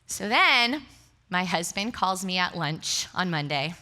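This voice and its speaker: Animated woman pastor with a bright voice. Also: on the low side, measured pace. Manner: animated, acts out dialogue with laughs. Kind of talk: sermon storytelling. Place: church stage.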